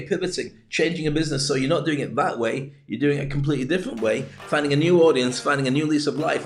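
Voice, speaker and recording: A man hosting a casual live business show, talking in a chatty, rambling way with jokey asides. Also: a little high. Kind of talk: casual livestream monologue. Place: home in the UAE.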